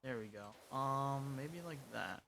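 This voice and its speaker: A young man takes it slowly in a mid-range, creaky, fairly bright voice as he streams a game with casual chat, muttering along, rambling, and poking fun at himself. Slight background noise is present.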